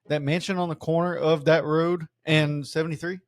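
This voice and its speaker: A man's voice: fairly high pitch, flat delivery, moderate pace, no room sound, studio quality. A young man from South Louisiana with a local accent, telling loose, profane stories in casual podcast chat. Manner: loose, profane storytelling with many restarts. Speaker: podcast co-host.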